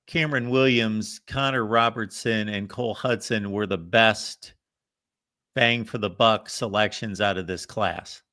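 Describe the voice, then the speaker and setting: A man with a slightly low but bright, forceful voice weighs up a point in casual sports chat. He talks in a measured, analytical way and thinks aloud as he goes. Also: fairly even intonation. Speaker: college football podcast co-host.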